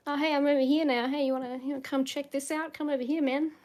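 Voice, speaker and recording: A woman's voice: high voice, steady tone, quick pace, darkish tone, voice pushed up, lightly acted. Woman playing a chummy little raven. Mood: coaxing.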